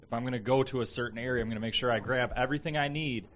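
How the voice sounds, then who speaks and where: A man's voice: medium pitch, racing, fairly bright tone, highs cut off, a little hiss or hum. A man in casual chat, rambling through a workplace story with lots of fillers.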